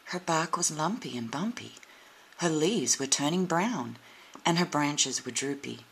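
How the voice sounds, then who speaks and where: A woman narrating a children's storybook in a gentle, unhurried way. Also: deep voice, animated, slight background noise, rough recording. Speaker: storybook reader.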